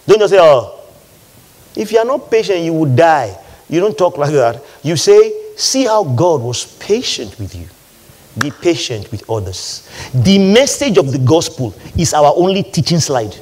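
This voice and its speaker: A man preaching a sermon in an animated call-and-response manner, leading the congregation in repeating his words. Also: a little high.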